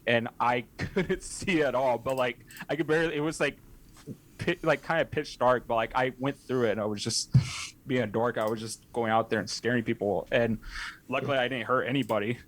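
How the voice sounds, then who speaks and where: A man's voice: medium pitch, a little fast, a bit bright. A young man, a podcast guest, telling a casual story in a rambling way, full of restarts and self-corrections. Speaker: podcast guest, haunt scare actor.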